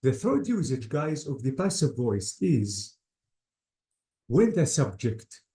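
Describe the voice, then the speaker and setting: A man's voice: mid-range voice, big pitch swings, slow pace, warm tone. A man teaching an English grammar lecture to a class, often repeating words and calling students "guys". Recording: roomy classroom echo.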